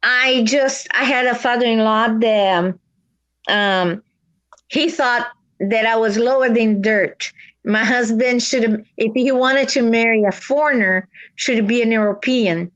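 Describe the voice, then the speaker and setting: High-voiced woman. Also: unhurried. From South America. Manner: earnest, animated storytelling with restarts. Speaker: livestream host. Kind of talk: casual chat.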